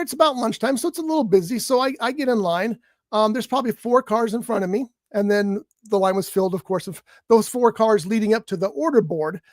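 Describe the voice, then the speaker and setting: A man co-hosting a casual talk show, telling a long, animated complaint story. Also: high-pitched, no echo, studio quality. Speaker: co-host. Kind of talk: casual podcast chat.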